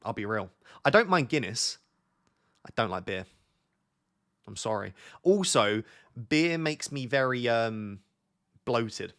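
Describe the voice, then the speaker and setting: Reading out questions from his chat, a young British streamer keeps things casual and talkative. His mid-range, fairly bright voice is animated but slow, broken up by frequent pauses.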